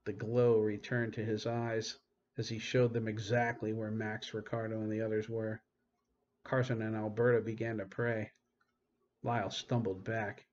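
A man, the author, reading his own novel aloud in steady audiobook narration. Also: lowish voice, normal speed, dull audio, a little hiss or hum.

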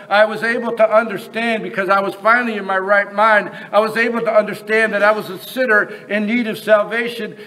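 High-voiced earnest male preacher. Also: sharp tone, poor audio. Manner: earnest, repeats words as he goes. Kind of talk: sermon.

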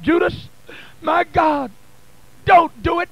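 A man who is a bishop, preaching a Pentecostal sermon in a church, with a rhythmic, chanted, shouting delivery, on an archival 1980 church recording. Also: extremely high pitch, very animated, slow pace, creaky, pauses often, no echo, dull audio. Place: church sanctuary.

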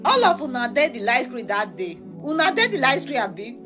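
A woman's voice: high voice, sing-song, brisk. A woman playing a jilted young woman abroad in a comic skit. She has a Nigerian accent and pleads for her money, wailing with laughter mixed into her sobs. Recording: music playing under the voice. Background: music.

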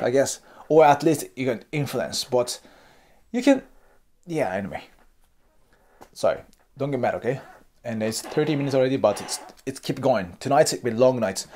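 A man's voice: fairly high pitch, warm tone. A Japanese man with a Japanese accent, speaking English, hosting a casual monologue of blunt dating advice with frequent swearing and laughter. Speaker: host giving dating advice.

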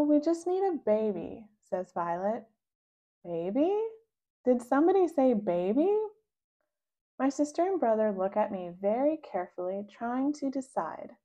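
A woman reads a children's book aloud at a slow, careful pace, her pitch bounding up and down with delight. She voices the child narrator in sudden high, loud bursts. The recording sounds a little dull and lo-fi. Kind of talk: read-aloud storytelling.

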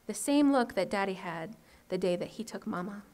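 A woman author reading her short story aloud at an open mic, in a steady, measured way. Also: medium pitch.

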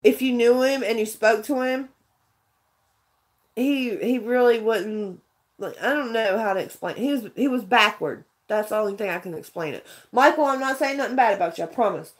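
Woman, casual live vlogger, rambling earnest storyteller, slightly high voice. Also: moderate pace. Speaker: vlogger chatting with viewers. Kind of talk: casual livestream chat.

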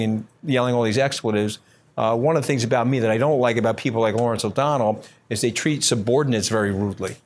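As an interview guest, a man answers in a brash, blunt, combative way. His pitch is ordinary and mid-range, and his speech comes in uneven bursts full of fillers and restarts.

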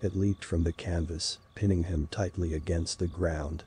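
Male horror narrator, very deep and dark-toned, slow and dramatic. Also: fairly even intonation, slight background noise. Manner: slow, measured, dramatic reading.

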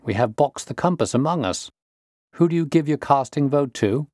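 A man's voice: medium pitch, lively intonation, normal speed, a little mellow, dry recording, clean studio sound, voice pushed up, close to an everyday voice. A man reading the part of a bluff, hearty police inspector in a storybook tale.

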